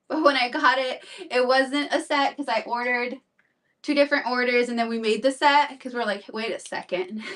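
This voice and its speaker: A woman with a high voice sells clothes on a live stream, chatting and rambling with fillers and repeats while sounding a little out of breath. Her mic is distant.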